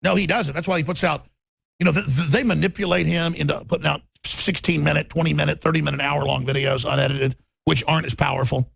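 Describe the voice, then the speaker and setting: Brief: male talk host, forceful nonstop rant, high gravelly voice. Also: steady tone. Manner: forceful, rapid, stammering restarts. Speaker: radio talk show host. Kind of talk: ranting political talk.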